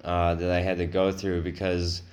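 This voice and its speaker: A man's voice: sits low, monotone, normal speed, a little mellow. A man hosting a comedy podcast, talking casually in a crude, rambling, self-mocking way. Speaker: podcast host.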